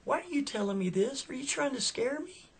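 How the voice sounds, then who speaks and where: A man voicing a desperate young woman driver in a told story, raising his voice high and sounding husky. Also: lively intonation, normal speed, heavily acted. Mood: scared.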